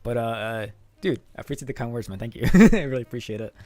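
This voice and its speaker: A man's voice: mid-range voice, animated, fast, darkish tone, no echo. A man streaming live, chatting casually with his chat and translating manga. He laughs often, swears, and calls people "dog" and "man.".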